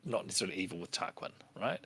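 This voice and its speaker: A man's voice: low-pitched, sing-song, rapid-fire, vocal fry, background noise. A man playing in a tabletop game, asking questions and thinking aloud in a hesitant, casual way. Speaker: player.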